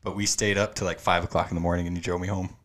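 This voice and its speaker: Chill young dude, lowish voice, guest on a buddy's podcast, easygoing slang. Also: male voice, level tone, racing, a bit bright. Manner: laid-back, agreeable, slangy. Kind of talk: casual podcast chat.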